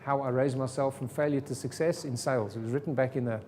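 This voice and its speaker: A man's voice: mid-range voice, fairly even intonation, fast, darkish tone, slight background noise. A man teaching a sales seminar to a live audience, firing rhetorical questions at the room. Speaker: sales trainer.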